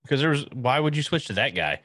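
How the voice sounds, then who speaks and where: Lively man picking at details. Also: mid-range voice, quick pace, no room sound, clean studio sound. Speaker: podcast co-host. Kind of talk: casual chat.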